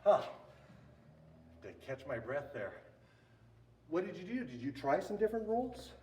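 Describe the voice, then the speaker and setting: A man leading a children's Bible school, teaching a game slowly and leading shouted call-and-response lines. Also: on the high side, breathy edge. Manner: slow, animated, leads shouted call-and-response. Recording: distant mic with faint noise.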